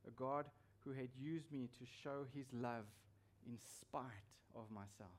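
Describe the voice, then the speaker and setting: A man's voice: mid-range voice, takes it slowly. A man preaching a sermon as pastor, emphatic and repeating his key phrases for weight.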